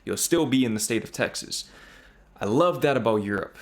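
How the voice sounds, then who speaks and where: A man's voice: medium pitch, expressive, a little fast, crowd noise. Chatty American man reacting to a video. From United States. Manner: chatty, reflective, thinking aloud. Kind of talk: casual commentary.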